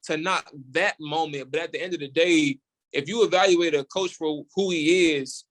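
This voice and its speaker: A man in a radio studio, a guest sports podcaster making his case with energy. He restarts and repeats words as he works through his argument. His voice sits a little high for a man. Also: normal speed. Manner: animated and opinionated, repeats words while building a point. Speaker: podcast host, guest on the show. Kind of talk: casual sports radio talk.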